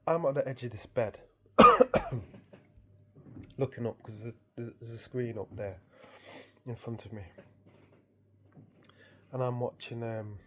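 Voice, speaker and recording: A man's voice: mid-range voice, slow pace, pauses often, bright, forceful tone, a little hiss or hum. A man casually recounting a dream to his viewers, amused and rambling, with frequent restarts. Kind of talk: casual storytelling.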